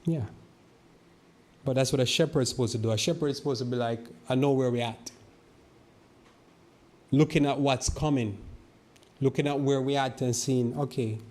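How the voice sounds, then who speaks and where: A man's voice: mid-range voice, fairly even intonation, darkish tone. Man preaching with rhetorical questions. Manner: preaches with rhetorical questions and slow scripture quoting; repeats and restarts words. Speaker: pastor. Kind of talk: sermon.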